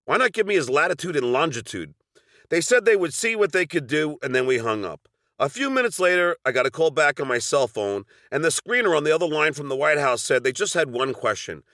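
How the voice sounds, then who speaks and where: A man's voice: a little high, sing-song, fairly quick, a bit bright, no echo, clean studio sound. A middle-aged man with a Long Island accent narrating a personal story from a script, with wry, sardonic asides.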